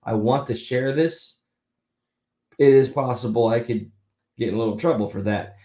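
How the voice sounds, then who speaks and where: A man's voice: medium pitch, normal speed, dark tone, echoey room. A man hosting a casual live stream on a spatial mic, chatting in a rambling way and often stopping mid-thought to start over.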